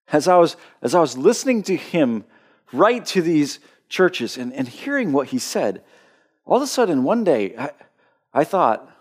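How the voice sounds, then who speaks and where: A male pastor preaches with genuine conviction, his pitch rising and falling widely as he builds up and pulls back. His voice is a little mellow, and he often restarts phrases, repeating a word before continuing.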